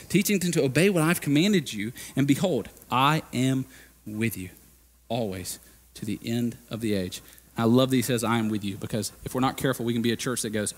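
Impassioned preacher in a reverberant hall. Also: male voice, mid-range voice, brisk. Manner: impassioned, rising to loud emphatic peaks and dropping to quiet; conversational preaching with casual fillers. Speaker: lead pastor. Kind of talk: sermon. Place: church sanctuary.

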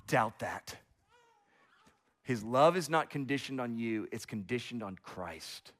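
A pastor in his thirties preaches an earnest sermon, moving between slow, emphatic stresses and hushed, soft passages. His voice is expressive and on the high side.

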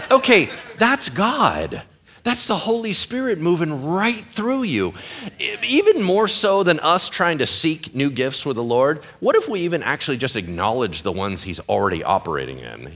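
Animated bright-voiced male preacher. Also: medium pitch. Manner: animated, conversational, acts out imagined dialogue. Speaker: pastor. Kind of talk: sermon.

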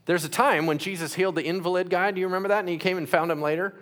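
A man preaching a sermon as pastor, asking the crowd questions and acting out quick voices. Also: sits high, steady tone, a bit bright.

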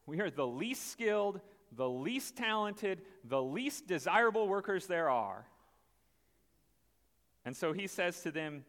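Animated preacher with a lively voice. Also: male voice, sits high, unhurried, big-room sound. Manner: animated, conversational, acts out the story. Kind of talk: sermon.

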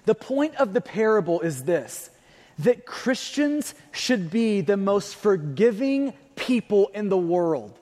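Guy preaching, pretty high voice, keeps hammering the same phrases, loud then quiet, big echoey hall. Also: big pitch swings, slow pace. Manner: emphatic, repeats key phrases, swings between loud and hushed. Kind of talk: sermon. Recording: long hall reverb.

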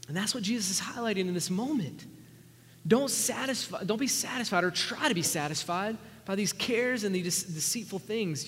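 A pastor preaching a sermon in an earnest, conversational way, sometimes dropping to a near whisper. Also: male voice, high-pitched, moderate pace, a bit bright, slightly rough. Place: church sanctuary. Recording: long church-hall reverb.

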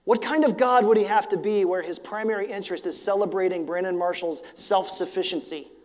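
A man of about forty delivers a sermon as a pastor, talking in a loose, conversational way and then climbing into fired-up, emphatic bursts. His voice sits high for a man. A long hall reverb trails behind his words. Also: brisk. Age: 40s. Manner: animated, conversational, rising to emphatic outbursts.

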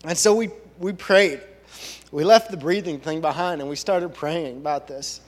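A man, a church elder, giving a halting, earnest personal testimony to his congregation. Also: fairly high pitch. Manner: halting, earnest storytelling with many restarts. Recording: long reverb of a large hall.

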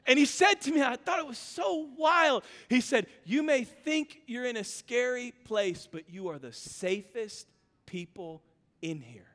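A man with a high voice preaches a sermon, moving from stumbling storytelling into rising, insistent calls that repeat each phrase. The sound rings with the long reverb of a church hall. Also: big pitch swings, moderate pace. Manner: builds from storytelling to loud, urgent exhortation with repeated phrases; frequent stammered restarts. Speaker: pastor.

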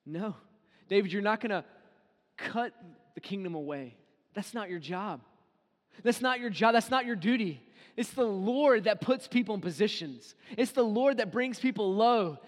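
A man preaching a sermon, telling the story in a lively casual way and acting out the quoted lines of the figures. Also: high-pitched. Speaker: pastor. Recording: long hall reverb.

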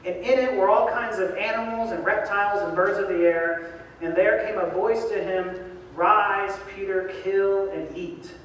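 A man preaching a sermon as pastor, lively and joking, recorded from a distance in a large church hall. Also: high-pitched, moderate pace, slight background noise. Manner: lively, joking preacher who acts out voices. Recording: echoey hall from far off.

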